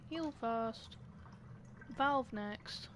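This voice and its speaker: A young woman with a slightly high voice giving live gameplay commentary. She chats to herself and yells at characters on screen in sudden bursts. A faint hiss sits under her voice. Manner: chatty, talks to herself and the game characters, quick bursts of shouting. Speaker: game streamer.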